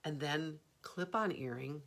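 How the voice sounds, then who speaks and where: Her voice sits low, a bit bright, and a little slow. She's a middle-aged woman running a live jewelry shopping stream, chatting and rambling with easy laughter as she displays each piece.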